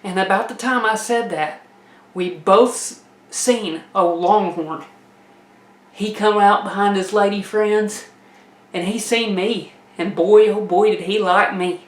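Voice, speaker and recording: A woman telling a comic tale in a folksy, animated way, laughing as she goes. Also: mid-range voice, slow pace, roomy sound. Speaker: storyteller. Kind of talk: comedic personal storytelling.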